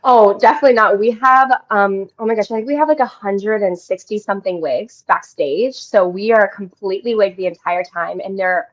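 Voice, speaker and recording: A bubbly young woman from the Denver area chats as a guest on a radio show and tells her stories with plenty of laughs. Her voice sits in a middle pitch. The sound is a little dull and lo-fi. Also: moderate pace, few pauses. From Denver area, Colorado. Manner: bubbly, laughs often, storytelling. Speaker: guest actress. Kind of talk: casual radio interview.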